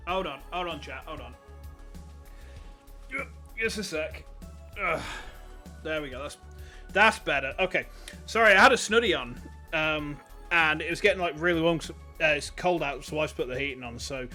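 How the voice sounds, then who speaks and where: A man's voice: fairly high pitch, normal speed, pauses often, pushed and bright, faint music behind. A man streaming a game in casual chat, joking, swearing and laughing often.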